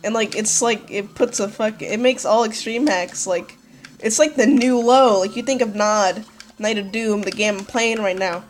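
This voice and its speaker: A woman's voice: medium pitch, normal speed. A woman hosting a let's play, talking casually and profanely with lots of "like" and "dude". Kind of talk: gameplay commentary.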